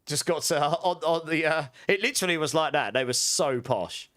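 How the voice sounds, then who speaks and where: A man's voice: a little high, fairly quick, fairly bright tone. A man chatting casually while streaming a game, answering his chat and telling long rambling anecdotes.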